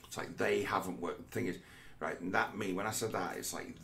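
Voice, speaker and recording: A man giving a rambling personal monologue, halting and repeating words, with the odd curse. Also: sits low, fairly even intonation, vocal fry, a bit bright, a little hiss or hum. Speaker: vlogger.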